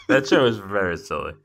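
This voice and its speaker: Low-voiced man giving short podcast replies. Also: a bit bright, a little hiss or hum. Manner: short reactive replies and backchannels. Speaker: podcast co-host. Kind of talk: casual podcast chat.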